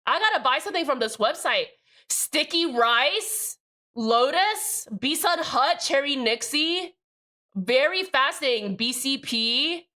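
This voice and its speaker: Bright-voiced young woman chatting on stream. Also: high voice, expressive, slow. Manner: rambling, profane, chatty. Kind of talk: casual live-stream chat.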